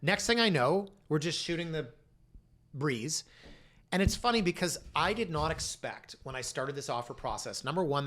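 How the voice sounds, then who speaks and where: A Canadian man co-hosting a real estate podcast, telling stories in an animated, joking way and acting out the people he quotes. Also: fairly high pitch. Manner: animated, acts out dialogue in quoted voices. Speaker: realtor and co-host. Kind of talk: casual podcast storytelling.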